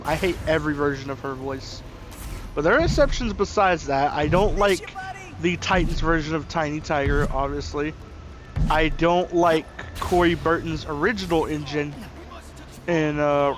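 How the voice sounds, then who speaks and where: High-voiced young man rambling. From Southern US. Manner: rambling, opinionated, many fillers and restarts. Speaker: gameplay commentator. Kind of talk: casual gameplay commentary. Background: game music.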